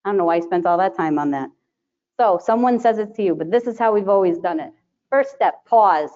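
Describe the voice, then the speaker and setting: A woman presenting to a live conference audience, chatty and animated, laughing often and acting out quotes. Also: medium pitch, brisk. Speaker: conference presenter, sterile processing educator. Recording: dull lo-fi sound.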